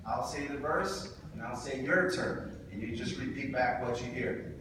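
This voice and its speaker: A man's voice: mid-range voice, normal speed. A Pacific Islander man giving a jokey, preacher-like public speech to an audience, calling out to the crowd. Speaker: speaker at community event. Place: large indoor hall with audience. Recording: echoey hall, distant from mic, noisy.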